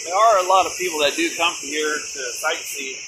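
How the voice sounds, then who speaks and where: This Kentucky driver on a family trip talks to camera in a brisk, high-side voice, casually explaining things in a folksy, hesitant manner full of restarts. The recording, made in the car and outdoors, carries strong road and outdoor noise.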